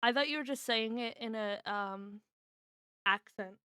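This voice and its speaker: Slow-talking woman thinking aloud. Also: a little high, bright, forceful tone, clear, resonant tone, no room sound, studio quality. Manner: thinks aloud, tries guesses, teasing. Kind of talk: casual chat while solving word puzzles.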